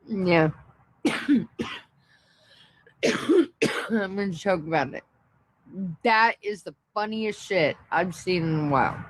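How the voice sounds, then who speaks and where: A woman's voice: lowish voice, takes it slowly, pauses often, rough recording. A woman hosting a casual livestream, laughing constantly between phrases and swearing casually. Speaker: livestream host.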